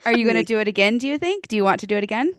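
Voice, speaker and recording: A woman's voice: on the high side, expressive, racing, dry recording. A woman hosting an interview, asking upbeat and encouraging questions. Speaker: host. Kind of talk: interview, casual chat.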